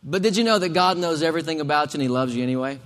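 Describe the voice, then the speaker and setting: A man's voice: on the high side, animated, racing, a bit bright, long reverb tail. A male pastor preaching a sermon emphatically, calling for responses from the congregation.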